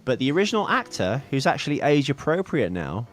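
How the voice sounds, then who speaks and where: A man's voice: medium pitch, very animated, a little fast. A man co-hosting a podcast, chatting casually about films, rambling and correcting himself with jokes. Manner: rambling, self-correcting, jokey. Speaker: podcast co-host. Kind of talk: casual film chat.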